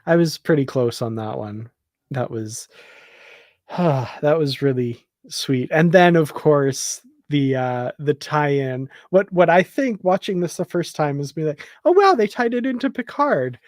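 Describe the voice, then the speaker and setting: Slow-talking enthusiastic man, dry sound. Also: a little high, a little mellow, no echo. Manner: enthusiastic, laughs often, many fillers. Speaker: podcast co-host. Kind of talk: casual fan discussion.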